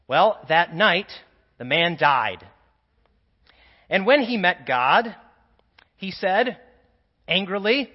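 A high-pitched man preaching as a priest in a church sanctuary. His earnest storytelling rings out with a long echo, then drops to hushed asides. The recording sounds muffled and dull. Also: sing-song, slow, long pauses. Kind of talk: sermon.

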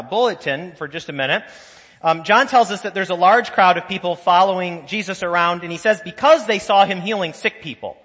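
A man with a fairly high, bright voice preaching a sermon in a church sanctuary. He talks conversationally, telling stories, making asides and acting out quotes. A long church reverb trails his words. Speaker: pastor.

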